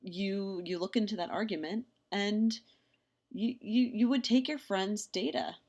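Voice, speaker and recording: A woman's voice: medium pitch, a little slow, a little mellow, dull audio. A woman recording a slide lecture, casual and chatty, with frequent ums and restarts, acting out quoted dialogue in her examples.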